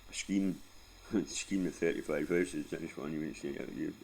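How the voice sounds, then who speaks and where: Very deep gravelly Scottish man. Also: normal speed, darkish tone, slight background noise. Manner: rambling and sweary, keeps checking in with "right?". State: emotional, close to tears. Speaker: vlogger. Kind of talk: personal storytelling.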